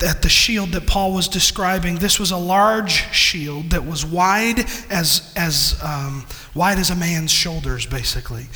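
A male pastor delivering a sermon in a high, bright voice. He teaches in a steady tone, then swells into fervent shouting. The sound carries a long reverb, as in a church hall.

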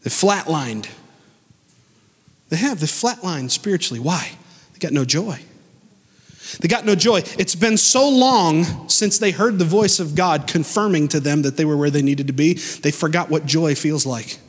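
A pastor preaching a sermon in church, animated and emphatic, speeding up and slowing down and swinging between loud and soft. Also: male voice, a little high, slightly rough, in a large hall. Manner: animated, emphatic preaching with sudden shifts in pace and loudness.

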